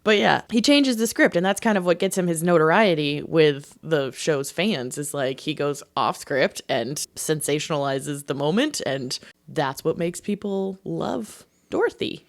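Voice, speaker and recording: Low, gravelly woman with lively delivery. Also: a little slow. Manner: animated, laughs a lot. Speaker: podcast co-host. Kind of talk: casual film chat.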